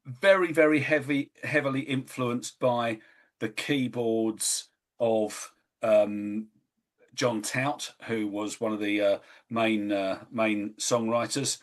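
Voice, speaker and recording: Rambling man on a radio show. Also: medium pitch. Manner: rambling, hesitant, full of ums and restarts. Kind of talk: casual chat about albums. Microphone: studio mic.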